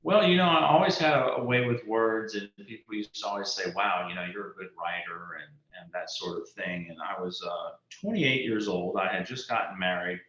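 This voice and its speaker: Interview guest, man, 50s, very deep voice, folksy storyteller, roomy dull remote audio. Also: moderate pace, hardly any pauses, fairly bright tone. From South Louisiana, USA. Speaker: author guest. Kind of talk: casual interview conversation. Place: indoors at home.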